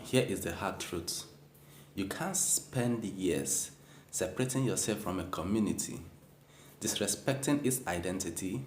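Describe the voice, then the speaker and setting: A man delivering grave, measured scripted narration for a commentary channel. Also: deep voice, reverberant, a little hiss or hum.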